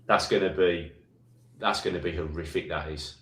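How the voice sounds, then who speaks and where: A man hosting a football phone-in, casual and matey, calling everyone mate. His voice sits in a roomy space with a clear echo. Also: low voice, steady tone, normal speed, a bit bright. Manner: matey, says mate a lot. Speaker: host.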